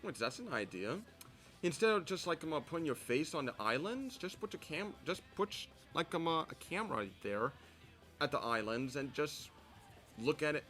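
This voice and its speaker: A man's voice: on the high side, very animated, normal speed, bright, forceful tone, faint music behind. A man giving casual commentary on his own video, rambling with many fillers.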